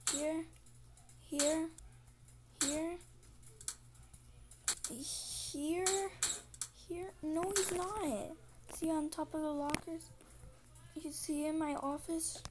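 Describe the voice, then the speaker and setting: A young female voice playing a teacher who mumbles softly to herself and praises her class, in a homemade skit with fan noise behind. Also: sits high, fairly even intonation, takes it slowly, pauses often. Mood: puzzled. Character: teacher, a patient adult woman.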